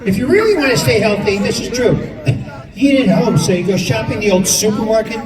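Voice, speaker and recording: A man from New York doing a stand-up comedy set on stage, exasperated and acting out people in quick bits. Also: high-pitched, lively intonation. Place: stage in a large hall with a live audience. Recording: distant, echoey hall with crowd laughter.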